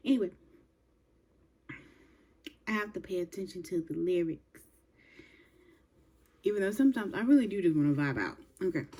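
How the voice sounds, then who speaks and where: A woman's voice: fairly low pitch, mellow, breathy edge. A young woman chatting to herself while reacting to a music video, sometimes dropping into whispers. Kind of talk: casual reaction commentary.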